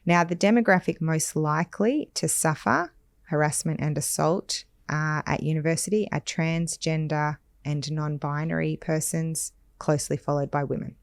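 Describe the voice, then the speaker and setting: A woman with a notably low voice talks through statistics on a podcast. She sounds measured and firm. The recording is dry and close. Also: no echo. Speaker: podcast host. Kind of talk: conversational podcast discussion.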